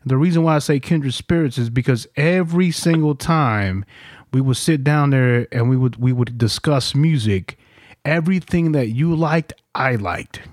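A man's voice: mid-range voice, normal speed, dry recording, studio quality. A man in his forties from New York, a veteran hosting a podcast, telling stories with lots of laughter and swearing. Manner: animated storyteller, laughs often, swears freely. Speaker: podcast host, Marine veteran. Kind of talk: casual chat.

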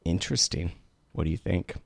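A man with a low, gravelly voice co-hosts a casual podcast. He chats freely, laughs often and reads news articles aloud. The sound is dry and close. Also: a little fast, no echo. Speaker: podcast co-host.

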